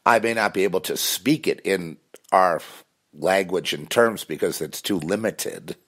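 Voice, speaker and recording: A man's voice: low-pitched, measured pace, fairly bright tone, slightly rough. A man talking intensely in a rambling spiritual monologue, full of restarts and fillers.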